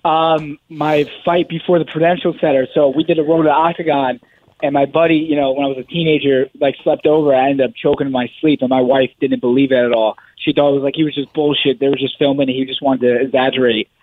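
A man's voice: mid-range voice, level tone, quick pace, no room sound. A man calling in as a guest fighter, telling stories in a chatty way and laughing as he talks. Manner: chatty storyteller, laughs through his telling. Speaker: phone-in caller. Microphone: phone. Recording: phone line.

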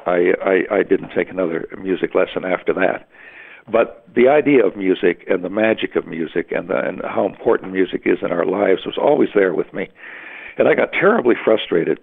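An older man from Western Canada, a veteran radio announcer, telling his story in an oral history interview with halting, rambling restarts. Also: low voice, creaky, slightly rough. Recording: phone-like narrow sound.

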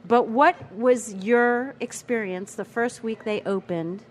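A woman's voice: on the high side, slow, noisy background. Woman reminiscing in a casual chat.

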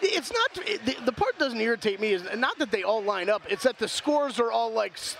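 A man co-hosting a sports betting show, chatty and quick to joke with and rib his co-hosts. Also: very high voice, big pitch swings, creaky, a bit bright. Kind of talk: casual betting banter.

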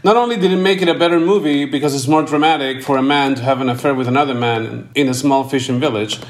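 A man from Peru, a film director, answering interview questions over a video call in a thoughtful, halting way with many "you know"s. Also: mid-range voice. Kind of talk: casual interview.

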